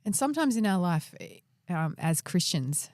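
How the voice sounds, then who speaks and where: A woman's voice: on the low side, very animated, moderate pace, a little mellow, no echo, clean studio sound. A woman co-hosting a podcast, casually retelling a Bible story and asking her co-host questions.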